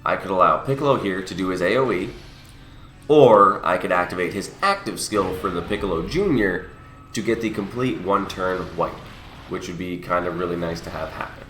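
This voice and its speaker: A man's voice: low-pitched, normal speed, a bit bright, reverberant, slight background noise. A young man with a cold, sniffly and a bit under the weather, casually walking viewers through a mobile game and correcting himself as he goes. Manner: explanatory, self-correcting. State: sick and sniffly. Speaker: gaming channel host. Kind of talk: casual game walkthrough commentary.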